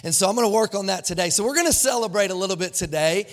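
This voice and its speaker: A man's voice: sits high, very fast. A man serving as lead pastor, preaching a live church sermon in an upbeat way and asking the congregation questions. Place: church sanctuary.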